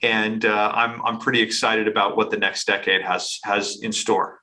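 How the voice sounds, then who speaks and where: Fast-talking, animated man with a bright voice. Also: on the low side, rough recording. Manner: fast, animated talker with many restarts. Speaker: company CEO, podcast guest. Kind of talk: casual business interview.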